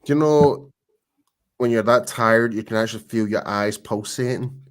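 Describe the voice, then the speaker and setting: A very tired man co-hosting a casual fan podcast, teasing his friends in animated banter. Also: fairly low pitch, normal speed. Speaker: podcast co-host.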